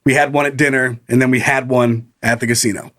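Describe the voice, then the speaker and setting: A man co-hosting a podcast tells a story in casual conversation, animated and laughing a lot as he acts out what people said. His voice is medium in pitch and his pace fairly quick.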